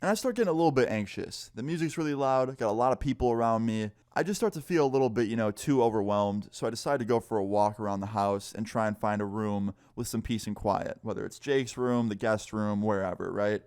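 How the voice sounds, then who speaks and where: A young man casually telling a story time, animated and swearing, acting out what people said. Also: fairly low pitch, a little fast, few pauses, smooth, no echo, studio quality. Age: young adult. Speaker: storyteller vlogger.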